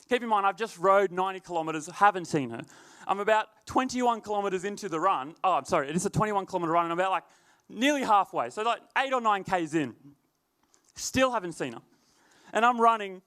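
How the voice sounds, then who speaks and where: A man's voice: sits high, a bit bright, smooth. A young man, a youth leader telling a chatty, laughing story before a sermon. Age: young adult. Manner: laid-back, laughing often, chatty filler words.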